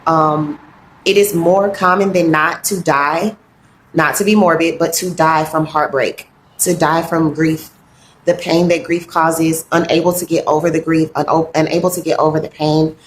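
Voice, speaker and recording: Woman wellness coach, kinda low voice, heartfelt and halting, holding back tears, echoey room. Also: fairly even intonation, slight background noise. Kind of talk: earnest motivational talk.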